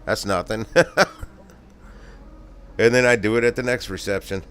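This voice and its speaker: A man's voice: mid-range voice, steady tone, unhurried, a bit bright, clean tone. A middle-aged man casually telling stories on a live stream, rambling and profane, laughing often. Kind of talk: casual storytelling.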